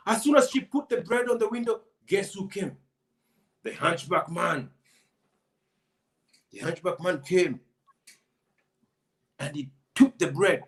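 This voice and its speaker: Slow, repetitive male storyteller. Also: sits high. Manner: repetitive, call-and-response delivery. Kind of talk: storytelling for an audience.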